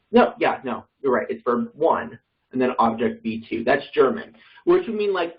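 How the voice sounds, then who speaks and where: A man teaches a group over a video call in a somewhat high voice. He explains loosely, full of ums, likes and restarts, and often corrects himself mid-sentence. The sound is a little dull and muffled. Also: far from the mic. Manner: hesitant, with many fillers and self-corrections. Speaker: Bible study teacher. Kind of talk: casual online class explanation.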